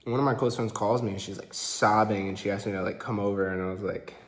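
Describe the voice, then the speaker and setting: A man's voice: lowish voice, fairly even intonation, quick pace. A young man in his twenties telling a story in a casual vlog, laid-back and rambling, with lots of fillers. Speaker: vlogger. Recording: roomy echo.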